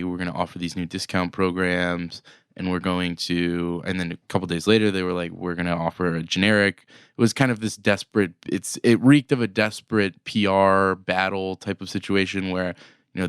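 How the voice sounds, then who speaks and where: A man's voice: low-pitched, a bit bright, smooth, no room sound, studio quality. A man co-hosting a business news podcast, chatting casually with fillers and restarts. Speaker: podcast co-host. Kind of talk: casual news recap chat.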